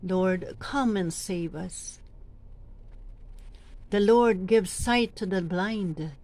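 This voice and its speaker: A woman with a Filipino accent who coaches lectors, reading scripture slowly and with deliberate emphasis between her tips. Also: medium pitch, darkish tone. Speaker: lector trainer. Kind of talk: teaching and modeling scripture reading.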